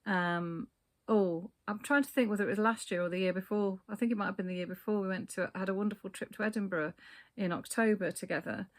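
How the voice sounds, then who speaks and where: A woman's voice: medium pitch, fairly even intonation, fast talker. A woman in a casual book vlog, chatting about novels with lots of ums and restarts. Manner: chatty, with many fillers and restarts. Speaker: book vlogger. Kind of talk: casual book chat to camera.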